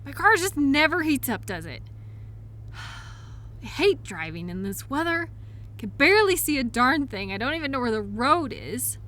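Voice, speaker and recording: A woman's voice: high-pitched, very animated, normal speed, a bit bright. A young woman performing a scripted audio role-play as a coworker who finds the listener in a blizzard, fussy and scolding, then apologetic, with quirky mild exclamations.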